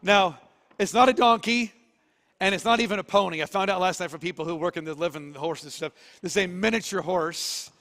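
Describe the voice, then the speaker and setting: A pastor preaching to his congregation, telling the story in a lively, joking way with a fairly high voice. The sound carries a long reverb from the church hall. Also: a little fast. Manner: animated storytelling, jokey. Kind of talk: sermon. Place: church auditorium.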